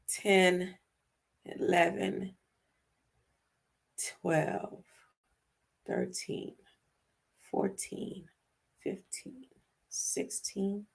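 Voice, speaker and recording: A woman hosting a spiritual livestream, speaking unhurried affirmations, laughing often and repeating words for emphasis. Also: fairly low pitch, creaky, breathy edge. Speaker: livestream host.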